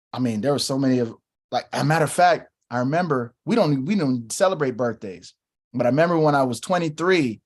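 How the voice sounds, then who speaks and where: A man in his thirties telling stories in a casual religious discussion, acting out quotes as he goes. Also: mid-range voice. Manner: animated storyteller, acts out quotes. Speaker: co-host.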